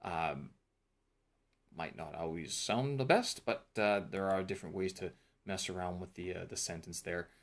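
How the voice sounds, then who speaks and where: A man with a fairly low voice talks through his study notes for a vlog. He rambles and thinks aloud, full of fillers and restarts, in a relaxed, unscripted way. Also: normal speed. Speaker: vlogger reviewing a teacher training course. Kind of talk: casual talk-through vlog.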